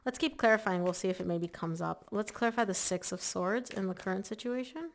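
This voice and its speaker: A woman's voice: mid-range voice, fairly quick. Chatty woman giving a tarot reading. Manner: chatty, emphatic, filler-heavy. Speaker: tarot reader. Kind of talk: casual tarot reading to camera.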